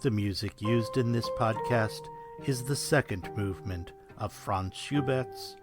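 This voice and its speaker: A man narrating his own crime novel in the first person, measured and wry, in a recording studio. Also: on the low side, over music.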